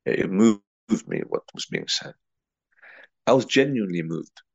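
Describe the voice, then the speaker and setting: A man's voice: deep voice, wildly swooping pitch, moderate pace, vocal fry, breathy edge, no room sound, highs cut off. A man from England giving a reflective spiritual talk, telling a personal story and weaving in Arabic and Urdu religious terms. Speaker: religious teacher.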